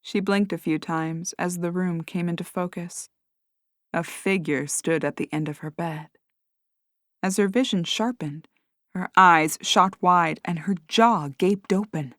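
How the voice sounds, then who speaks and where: A woman narrating an audiobook in a measured, expressive way. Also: lowish voice, no echo, studio quality. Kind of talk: scripted narration.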